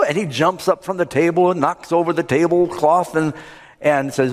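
A man preaching a sermon, retelling a Bible story and acting out the characters' lines with lively swings in pitch. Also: moderate pace. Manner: acts out the characters' lines with rising animated pitch. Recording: long hall reverb.

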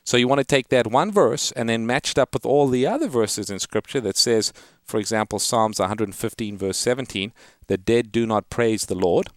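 A man's voice: medium pitch, moderate pace, no echo, clean studio sound. A man hosting a call-in radio show, earnestly explaining Bible verses to callers and quoting scripture in a lifted reading voice. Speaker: radio Bible-answer host.

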